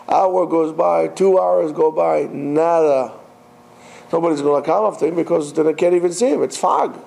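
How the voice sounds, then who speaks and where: A man with a high, gravelly voice teaches a Torah class. He tells stories in an animated way and mixes in Hebrew terms.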